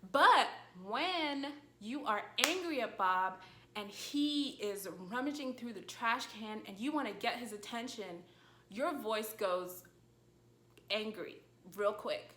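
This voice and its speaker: A woman gives a lively video lesson at a slow, careful pace. Her voice is bright and a little high, and it swoops up when she acts out calling a dog. The room is echoey. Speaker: language teacher.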